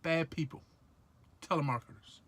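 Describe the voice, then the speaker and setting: A man's voice: fairly high pitch, normal speed, a bit bright. A man from South Georgia with a Southern accent, chatting casually and joking around in a rambling vlog from his truck. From South Georgia / North Florida, USA. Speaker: truck driver vlogger. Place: truck cab.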